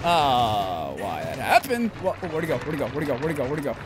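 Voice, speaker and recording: A man giving let's-play commentary while playing, swearing often and swinging from low grumbling to high yelps. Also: very animated, quick pace, heavy background noise. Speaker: gameplay commentator. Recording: game music loud behind voice.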